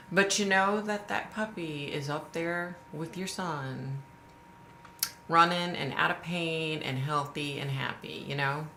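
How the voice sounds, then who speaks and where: Brief: low-voiced, bright-toned woman, middle-aged, casual sympathetic livestream host, echoey room with faint hiss. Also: gravelly. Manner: chatty, sympathetic, greets viewers by name.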